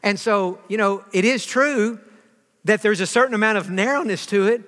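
A man in his fifties delivers a sermon in a high voice. He is earnest, circling back and repeating words as he builds each point. His voice rings with the long reverb of a church hall. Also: moderate pace, a bit bright. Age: 50s. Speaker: preacher.

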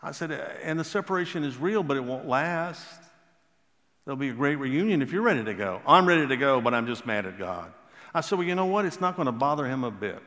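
A man preaching a sermon, telling stories and stressing key words slowly and emphatically. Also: mid-range voice, sing-song, fairly bright tone. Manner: storytelling, emphatic with slow drawn-out stresses. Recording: long hall reverb.

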